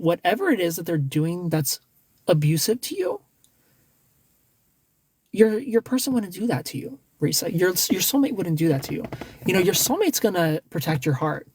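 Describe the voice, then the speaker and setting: A man's voice: sits high, big pitch swings, normal speed, pauses often, slightly rough. A man hosting a casual livestream, giving blunt dating advice with lots of restarts and some swearing.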